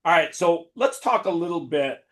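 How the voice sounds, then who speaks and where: A man with a slightly high-pitched voice hosting a casual podcast. He tells his stories in an animated way and laughs often. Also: moderate pace. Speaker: podcast host. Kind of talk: casual storytelling chat.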